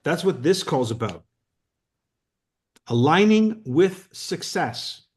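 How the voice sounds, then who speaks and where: A man's voice: fairly high pitch, takes it slowly. A middle-aged man from Canada co-hosting a network marketing call, telling a story with emphasis and acting out the quotes. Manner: animated, emphatic, acts out quotes.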